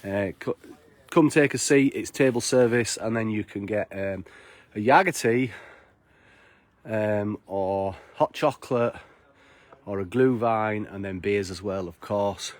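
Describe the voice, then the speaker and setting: Walking outdoors through snowy streets, a man who works at a bar hosts a live stream, chatting casually and greeting viewers by name. His voice is fairly low and unhurried, with no room sound.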